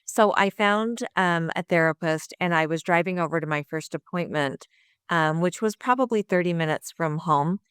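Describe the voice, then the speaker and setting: A middle-aged woman speaks in a low, smooth, resonant voice, recorded dry and close. She tells her story candidly and earnestly, voicing her past thoughts as she goes. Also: moderate pace, no echo. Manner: earnest, lively retelling with quoted inner thoughts. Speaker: guest sharing her recovery story.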